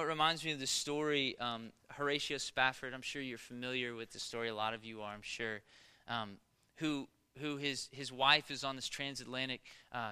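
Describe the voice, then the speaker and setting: A man in his thirties preaching a sermon in a conversational storytelling way, swinging between loud bursts and hushed passages. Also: medium pitch, clean tone. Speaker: pastor.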